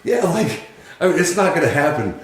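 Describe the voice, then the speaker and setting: A man's voice: on the high side, very animated, a little fast. Rambling, profane male co-host, echoey room. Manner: profane, rambling, laughs often. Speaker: podcast co-host. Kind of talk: casual chat.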